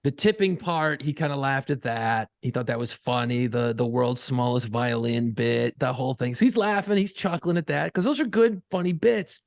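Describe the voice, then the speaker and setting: Gravelly, profane podcast co-host man. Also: medium pitch, moderate pace, few pauses, no room sound, studio quality. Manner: profane, animated storytelling. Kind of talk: casual chat.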